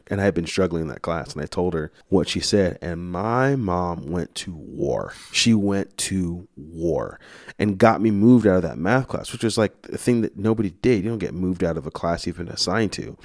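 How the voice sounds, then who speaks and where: A man from Missouri, a podcast guest and worship songwriter, telling stories in an animated, casual way and acting out the people in them. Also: deep voice, no room sound, clean studio sound. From Missouri, USA. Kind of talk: casual storytelling.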